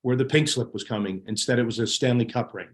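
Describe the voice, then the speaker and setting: Man telling animated locker-room stories. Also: medium pitch, fast. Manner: animated, laughing anecdotes. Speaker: guest, former hockey goalie. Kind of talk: casual storytelling.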